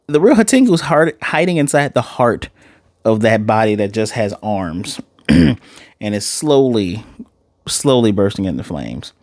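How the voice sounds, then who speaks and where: A man giving a casual, animated recap and reaction to an anime episode, acting out the characters' lines in quick asides. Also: medium pitch, dry recording, clean studio sound. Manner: loose and chatty, with fillers and self-corrections. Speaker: anime reviewer.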